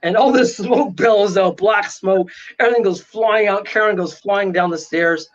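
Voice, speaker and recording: Excitable high-voiced man, dramatic storyteller, muffled lo-fi audio. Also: normal speed. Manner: excitable, dramatic retelling with frequent "right?". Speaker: paranormal investigator guest. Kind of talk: animated storytelling in casual interview.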